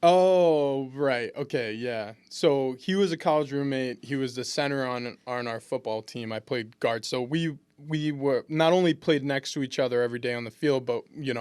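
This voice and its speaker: With a darkish, clean medium-pitched voice, a young pro football lineman in his twenties relaxes into humorous interview stories, often starting over mid-thought. He talks at a normal speed with few pauses, and there's no room sound.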